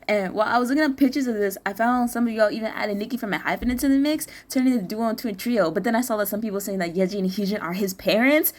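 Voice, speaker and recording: A woman's voice: medium pitch, fast talker, hardly any pauses, a little mellow. A young American woman vlogging in casual chat, rambling and slangy, often correcting herself mid-sentence. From United States.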